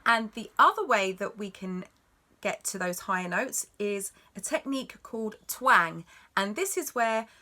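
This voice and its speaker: In an unhurried, expressive lesson, a vocal coach with a bright, forceful mid-range voice walks through singing technique. She stays encouraging and instructive, singing example notes to show what she means.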